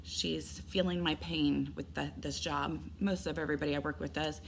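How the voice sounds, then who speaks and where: A woman's voice: deep voice, steady tone, moderate pace, gravelly, slight background noise. A woman vlogging from home in a casual chatty way, rambling with lots of fillers and restarts. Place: indoors at home.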